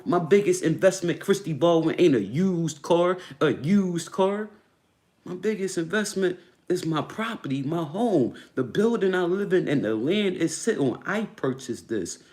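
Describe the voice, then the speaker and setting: Man, homeowner vlogger, emphatic rant, lots of swearing, repeats himself, middle pitch. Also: darkish tone. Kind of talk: casual ranting monologue.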